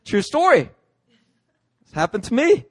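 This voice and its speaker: In a dry church hall with no room sound, a preacher with an extremely high, slightly rough voice speaks at a measured pace. He tells his story with lots of energy, bringing movie characters to life through put-on voices.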